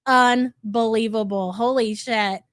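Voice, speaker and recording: A woman's voice: a little high, fairly even intonation, slow, no echo, studio quality. A woman giving exasperated, sarcastic reaction commentary and reading chat aloud. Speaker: commentary YouTuber.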